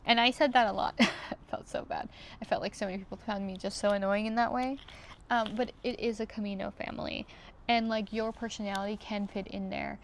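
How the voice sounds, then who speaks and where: A young woman shares her reflections in a casual vlog. She talks in a chatty, meandering way with plenty of fillers and soft laughs, and she is emotional enough to sound close to tears. Her voice sits at a middle pitch over a light background hiss. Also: brisk. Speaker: vlogger.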